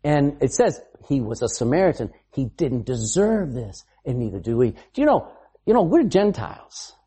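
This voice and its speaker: Lively, husky-voiced preacher. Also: mid-range voice, normal speed. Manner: emphatic, rhetorical questions to the congregation; acts out quoted speech in varied voices. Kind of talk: sermon.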